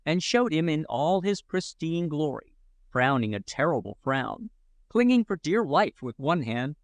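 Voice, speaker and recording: Lively male audiobook narrator. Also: fairly high pitch, no room sound. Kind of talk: scripted narration.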